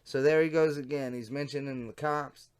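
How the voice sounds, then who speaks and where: A man's voice: medium pitch, steady tone, normal speed, clean tone. A man giving casual commentary on chat logs in a blunt, sardonic way, swearing freely. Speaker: online commentator.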